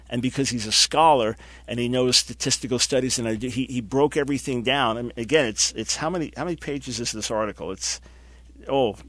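An emphatic man hosts a religious talk show, driving his points home with repeated phrases. His voice sits in an ordinary middle pitch and sounds dry and close to the mic. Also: a bit bright, dry recording. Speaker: host. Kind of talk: broadcast Christian talk show.

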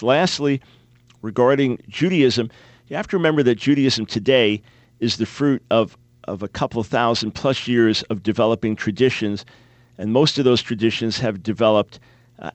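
A man's voice: fairly low pitch, no room sound. A man hosting a call-in radio show, explaining answers to callers in an upbeat, conversational way from a studio. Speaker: radio talk show host.

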